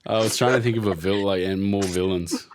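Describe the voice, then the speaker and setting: A man's voice: fairly low pitch, brisk. A man in casual podcast chat, playful and laughing, steering the talk along. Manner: laughing, playful, wraps things up. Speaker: podcast co-host, tabletop game player.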